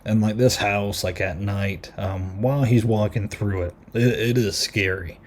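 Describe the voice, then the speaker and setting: There's a little hiss or hum behind a man whose low-leaning voice is fairly even in intonation and unhurried. Hosting a podcast, he gives a casual horror-film recap, heavy on fillers like "like" and "um," and retells the dialogue.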